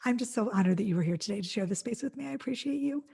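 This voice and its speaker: A middle-aged woman hosting a podcast, chatting casually with a guest in a gushing, effusive way, full of quick restarts. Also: on the high side, lively intonation, creaky, mellow, slightly rough. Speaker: podcast host. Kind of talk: casual interview chat.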